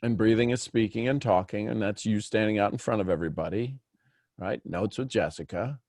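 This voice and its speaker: A man's voice: lowish voice, a little fast, a little mellow, dry recording, clean studio sound. A man coaching a caller on a morning call, blunt and teasing, laughing often. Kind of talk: casual coaching chat.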